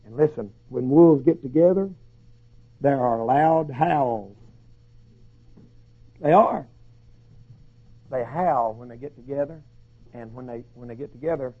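A hoarse male preacher, shouting through a fiery sermon. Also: medium pitch, unhurried, pauses often. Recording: dull lo-fi recording.

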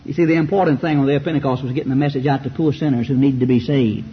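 Racing along at medium pitch with fairly even intonation, a man with a Southern US accent preaches fiery words laced with rhetorical questions and mocking asides. The sound is muffled, and a faint hiss runs underneath.

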